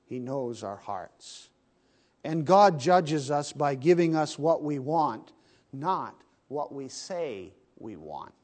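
A man preaching a sermon, swinging between hushed lines and loud, emphatic bursts. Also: a little high, breathy edge.

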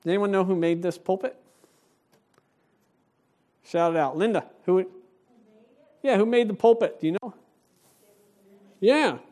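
Animated, high-voiced male pastor preaching. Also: unhurried, pauses often. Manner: animated, conversational, addresses the congregation directly. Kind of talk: sermon. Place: church.

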